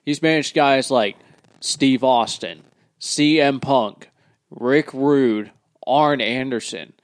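A man's voice: mid-range voice, slow pace, no room sound. Man, podcast co-host, earnest analysis, dry close-miked sound. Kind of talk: casual podcast chat.

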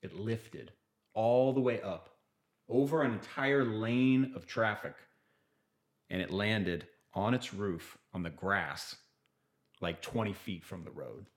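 A man telling a personal story as a guest on a podcast, animated and acting out what people said. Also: on the low side, takes it slowly. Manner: animated, acts out quotes, trails off and restarts. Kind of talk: casual storytelling in a podcast interview.

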